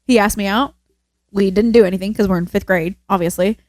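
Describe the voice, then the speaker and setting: A young woman co-hosting a podcast, telling stories in relaxed, matter-of-fact casual chat. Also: medium pitch, a little fast, no echo. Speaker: podcast co-host.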